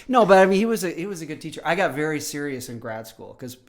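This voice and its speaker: A man in his fifties, a professor and podcast guest, telling stories in casual conversation and clearing his throat now and then. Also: fairly high pitch, very animated, fast. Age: 50s. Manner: storytelling, often clears throat.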